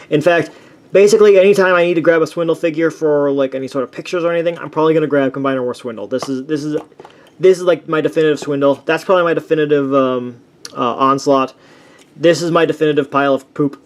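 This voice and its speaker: A man's voice: a little high, a little fast. A man chatting casually through a toy review, enthusiastic and rambling, with many restarts and fillers.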